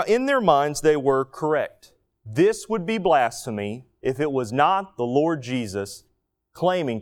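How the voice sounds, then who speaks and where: A man preaching a sermon, telling the story vividly and acting out people's inner thoughts. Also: on the high side. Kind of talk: expository sermon.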